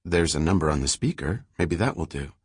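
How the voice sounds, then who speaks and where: A man playing a practical woman companion, speaking in a matter-of-fact, measured way in an audiobook. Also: extremely low pitch, expressive, darkish tone, husky, no room sound, studio quality, heavily acted. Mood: calm.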